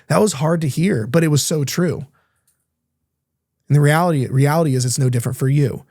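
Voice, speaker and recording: Earnest podcast host man, mellow voice. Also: medium pitch, a little fast, pauses often, dry recording, clean studio sound. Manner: candid and earnest, swears casually. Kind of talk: casual coaching monologue.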